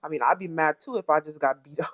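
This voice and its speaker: A woman giving a casual, chatty recap of a reality show, often imitating the cast in a higher voice. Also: fast talker, no echo. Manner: chatty, animated, mimics cast members in high voices.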